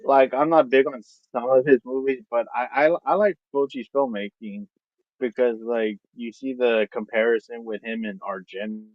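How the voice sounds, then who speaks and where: A man chatting on a stream in a halting, blunt way, often repeating words. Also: medium pitch, steady tone, no echo. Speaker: guest on a watch-party stream. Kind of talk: casual livestream chat. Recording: dull lo-fi mic.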